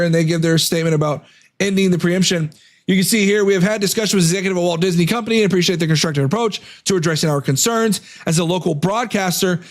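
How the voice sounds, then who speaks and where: A young adult man hosting a political live stream, reading corporate statements aloud and tearing into them while losing his voice to a cold. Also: sits high. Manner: reads statements aloud, then rants against them. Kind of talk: casual live-stream commentary.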